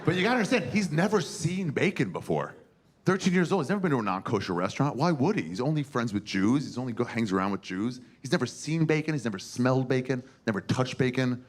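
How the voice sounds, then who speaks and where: A man in his forties doing a crude, animated stand-up comedy set on a theater stage, acting out characters as he tells stories. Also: medium pitch, fast. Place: theater stage before a live audience. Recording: noisy live room with audience laughter.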